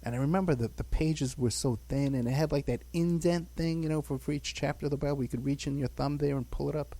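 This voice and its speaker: A man's voice: fairly high pitch, fairly even intonation, quick pace, vocal fry, warm tone. A man in his sixties from the Bronx, telling rambling childhood stories in a casual podcast chat, chuckling and saying "you know" a lot. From the Bronx, New York. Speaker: guest recounting his childhood.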